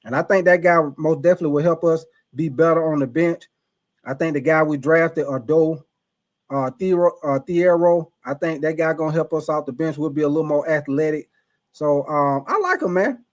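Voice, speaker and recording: A man's voice: a little high, normal speed. A man hosting a casual live stream, reading chat and greeting viewers by name, with frequent restarts and stumbles over names.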